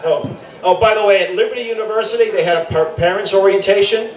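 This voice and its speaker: A middle-aged man with a fairly high voice gives a loose, rambling rally speech. He keeps correcting himself mid-sentence and drops in joking asides. The recording is echoey, and he sounds a little far from the mic. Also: fast talker. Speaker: camp director speaking at a rally. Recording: echoey, voice from a distance.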